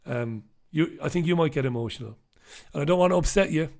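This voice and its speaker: A man hosts a live solo news review with an impassioned, emphatic delivery, hammering his points home by repeating them. He speaks bluntly and swears when angry. His voice sits a little higher than most men's. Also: fast, a little mellow. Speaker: show host reviewing newspapers.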